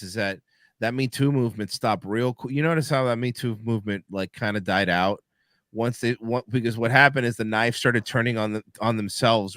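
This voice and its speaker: Male podcast host, lively swinging pitch, dry close mic, sarcastic and profane. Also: dry recording. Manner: animated, mocking, swears a lot. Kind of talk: casual chat.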